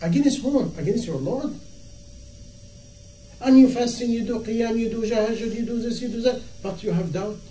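Male preacher, high voice, mellow tone, impassioned rhetorical questions, distant mic in echoey room. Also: normal speed. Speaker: Islamic preacher. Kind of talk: sermon. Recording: echoey room, from far off, faint noise.

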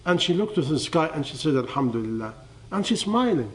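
A man with a notably high-pitched voice delivers a sermon to a live audience. He keeps quizzing his listeners with rhetorical questions and drops his voice to a near hush on the key phrases. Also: expressive, brisk. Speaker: religious teacher.

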